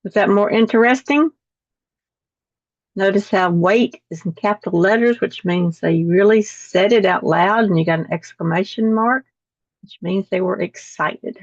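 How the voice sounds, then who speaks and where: A woman's voice: medium pitch, normal speed, no room sound. Woman teacher reading lesson text to a video call class, dull and dry audio. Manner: reads text aloud, repeating words after slips.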